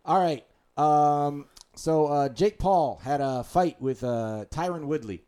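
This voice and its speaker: A man's voice: fairly high pitch, takes it slowly, clear, resonant tone. Laid-back man steering the chat. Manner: laid-back, steady, drives topics. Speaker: podcast co-host. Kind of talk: casual comedy podcast chat.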